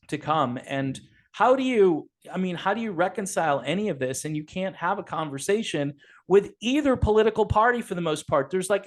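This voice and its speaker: A man hosting a podcast, talking casually and animatedly about politics, rambling with frequent fillers. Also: a little high. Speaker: podcast host.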